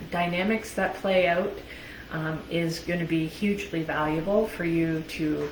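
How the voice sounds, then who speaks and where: A woman's voice: lowish voice, gravelly, echoey room, a little hiss or hum, rough recording. A woman life coach giving a casual motivational talk, chatty and candid, laughing often and swearing casually.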